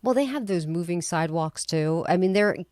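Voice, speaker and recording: A talkative woman guest with a somewhat low voice. She gives her opinions freely in casual chat, recorded with a dry, close sound. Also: expressive, brisk, darkish tone, dry recording.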